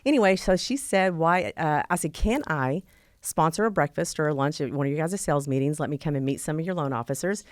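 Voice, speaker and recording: A woman on a podcast as a real estate agent guest, chatty and animated, with many fillers and restarts. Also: sits low, brisk, no room sound, clean studio sound. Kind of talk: casual podcast chat.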